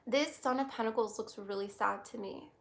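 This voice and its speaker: Woman with a slightly high voice, reading tarot on a stream; soft, halting, emotional. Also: creaky. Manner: soft, reflective, halting with many restarts. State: close to tears. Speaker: tarot reader.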